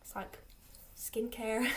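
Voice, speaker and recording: A woman's voice: a little high, little pitch movement, slow pace, a bit bright, slight background noise. A teenage girl from England chatting aimlessly in a casual vlog, full of fillers and restarts. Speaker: vlogger. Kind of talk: rambling casual vlog chat.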